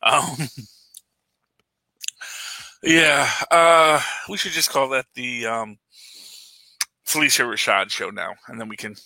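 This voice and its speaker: A man's voice: mid-range voice, fairly even intonation, slow pace, creaky, pauses often, bright, forceful tone, no echo. A man hosting a casual podcast chat, rambling enthusiastically with frequent fillers and laughs. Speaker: podcast host reviewing a film.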